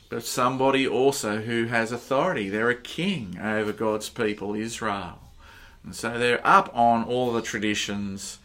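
Aussie guy preaching, slow and emphatic, leans hard on big words. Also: mid-range voice. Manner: slow, emphatic, rising to loud stresses on key words. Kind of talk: sermon.

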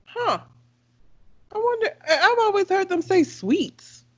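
Female co-host, teasing and exasperated, slow with a hugely animated pitch. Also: highs cut off. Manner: exasperated, teasing, laughs along. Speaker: podcast co-host. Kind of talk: casual podcast chat.

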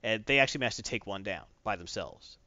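A man's voice: fairly low pitch, animated, fast, pushed and bright, no room sound. A man in a casual chat, animatedly retelling a comic story and quoting its characters, on a dull lo-fi recording. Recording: dull lo-fi, dry.

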